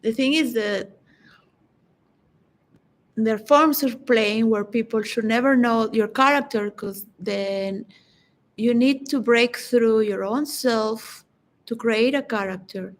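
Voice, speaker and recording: A woman with a slightly high voice talks alone in a reflective, philosophical monologue. She rambles and pauses often, restarting her sentences as she feels her way through her thoughts. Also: poor audio. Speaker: vlogger.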